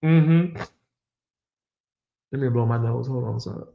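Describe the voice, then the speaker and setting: A woman's voice: rumbling low, slow pace, vocal fry, narrow, tinny audio. A woman hosting a livestream commentary show, talking bluntly and preachily to her viewers and swearing freely. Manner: addresses viewers directly. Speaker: commentary channel host.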